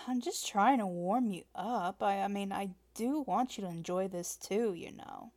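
A woman's voice: mid-range voice, moderate pace, few pauses, a little mellow. A woman in a whispered role-play, teasing and playful, laughing often and cracking corny jokes. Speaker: audio role-play performer.

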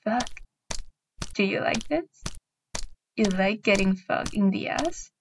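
A woman voicing a dominant, teasing adult partner in an intimate audio role-play, speaking in a commanding way with breathy moans. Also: medium pitch, animated, takes it slowly, background noise.

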